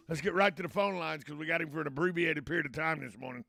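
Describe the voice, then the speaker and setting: A man hosting a morning talk radio show, chatting in a brisk, folksy, opinionated way. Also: fairly high pitch, creaky, faint music behind. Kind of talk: casual radio chat. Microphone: studio microphone.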